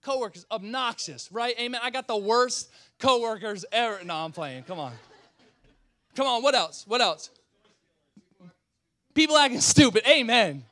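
A male pastor preaching a sermon, calling out to the congregation, swinging from loud outbursts to quiet, close talk. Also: sits high, moderate pace, no echo. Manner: animated, swings between shouting and quiet; talks back and forth with the congregation.

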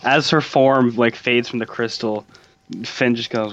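A man in a tabletop game speaks slowly and casually as he describes what his character does, swearing now and then. The sound is dull and lo-fi. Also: mid-range voice, fairly even intonation, fairly bright tone, a little hiss or hum. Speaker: player. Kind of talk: casual tabletop role-play.

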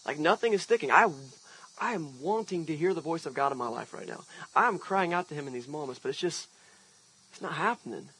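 A man's voice: a little high, expressive, brisk, fairly bright tone, husky, rough recording. A man preaching an outdoor sermon as pastor, telling a personal story in a conversational way with emphatic swells. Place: outdoor park service.

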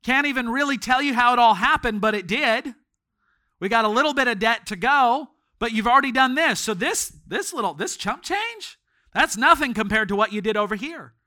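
A man preaching a sermon in a church as pastor, telling stories and swinging from hushed tones to shouts. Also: very high-pitched, lively intonation, normal speed.

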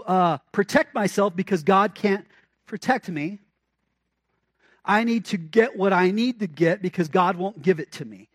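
A pastor preaching a conversational sermon, with emphatic repeated refrains and rhetorical questions. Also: male voice, high voice, dry recording.

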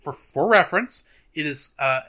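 A man chats casually on a review podcast, his voice lifting and dropping with a lot of life as he tells the story. His tone is slightly high and bright, and he breaks into laughter along the way. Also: moderate pace. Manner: animated storyteller, laughs often. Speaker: podcast co-host, film reviewer. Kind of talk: casual chat.

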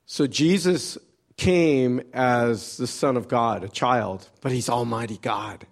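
A man preaching slowly and emphatically to a congregation. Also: mid-range voice. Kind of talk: sermon.

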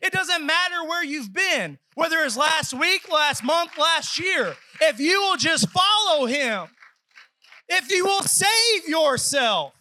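A man's voice: extremely high pitch, expressive, a little slow, hardly any pauses, sharp tone, low-quality recording. A man preaching a sermon at a church service, earnest, and acting out pleading voices as he speaks.

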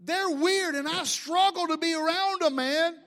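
A man. He keeps the sermon lively with jokes, asides and stumbling restarts. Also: very high-pitched, measured pace. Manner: animated, joking storyteller with many restarts. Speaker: pastor.

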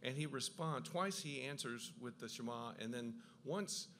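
A man giving an enthusiastic Bible talk, with quick asides and frequent restarts as he explains. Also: medium pitch, background noise. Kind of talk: lively lecture on the Gospels.

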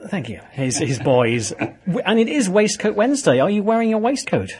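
A man hosting a radio programme, chatty and excitable, often breaking off mid-sentence. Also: high-pitched, moderate pace. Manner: chatty, excitable, self-interrupting. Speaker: radio host. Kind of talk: casual radio chat.

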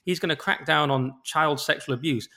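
A man's voice: a little high, moderate pace, bright, forceful tone. A man co-hosting a podcast, talking casually and giving his opinions. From England. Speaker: podcast co-host. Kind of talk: casual chat.

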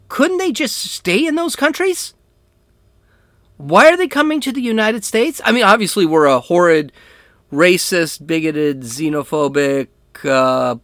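A man's voice: high voice, a bit bright, no echo, studio quality. A man hosting a political talk show, giving blunt, combative and sarcastic opinion commentary.

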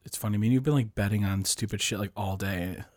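A man's voice: fairly low pitch, fast, a little mellow. A man co-hosting a podcast, telling rambling stories in casual chat with lots of fillers and laughing asides. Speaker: podcast co-host.

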